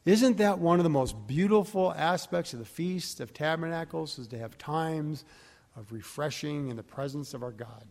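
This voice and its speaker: A man's voice: on the high side, lively intonation, moderate pace, darkish tone. A man giving a sermon, reading scripture aloud with rising emphasis and correcting himself as he goes. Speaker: pastor. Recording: reverberant hall.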